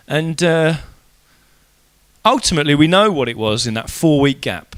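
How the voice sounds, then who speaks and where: This evening sermon comes from a man whose voice is a little high and whose pace is moderate. He talks in a relaxed, conversational manner, bringing the story to life and acting out the lines of the people he quotes.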